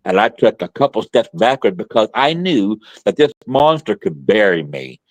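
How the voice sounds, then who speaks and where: A middle-aged man, a guest author, telling a story in casual conversation, animated and colloquial with frequent restarts. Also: fairly low pitch, normal speed, no echo.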